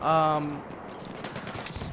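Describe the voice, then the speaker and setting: His fairly high voice stays monotone and he draws out his words: a young gaming commentator from the United States, swearing and rambling through his gameplay, jumping between topics with asides. Behind him, the game's music and gunfire create a noisy backdrop.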